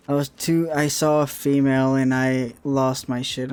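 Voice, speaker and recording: A man's voice: medium pitch, little pitch movement, unhurried, hardly any pauses, a little mellow, soft background music. A young man streaming a game, rambling and joking in casual commentary and swearing often.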